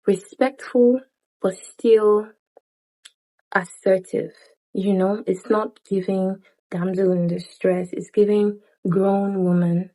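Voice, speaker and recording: Mellow-voiced woman giving chatty advice. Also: medium pitch, poor audio. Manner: chatty, animated, laughs often, playful asides. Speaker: lifestyle vlogger. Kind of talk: casual advice talk to camera.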